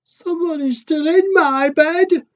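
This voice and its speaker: A man's voice: very high voice, takes it slowly, dull audio, voice pushed up. A man voicing a small, upset baby bear cub in a storybook reading. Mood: alarmed.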